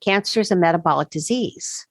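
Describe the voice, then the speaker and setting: A woman, a doctor answering podcast interview questions with emphatic, animated explanations. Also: lowish voice, a little fast, no echo. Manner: emphatic, animated storytelling with quoted asides. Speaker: integrative medicine doctor, podcast guest.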